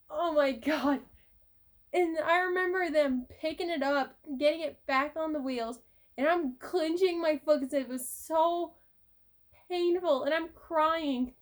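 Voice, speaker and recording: A young woman vlogger telling personal stories in a casual, animated way, swearing now and then. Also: high-pitched, a little slow. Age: young adult. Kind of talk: casual storytelling vlog.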